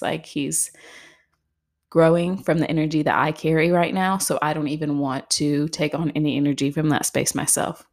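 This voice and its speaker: A woman's voice: deep voice, fairly even intonation, normal speed, a little mellow. A young pregnant woman, out of breath, talking in a rambling casual monologue full of fillers and small laughs. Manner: rambling, heavy use of "like", laughs often. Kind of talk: casual personal vlog monologue.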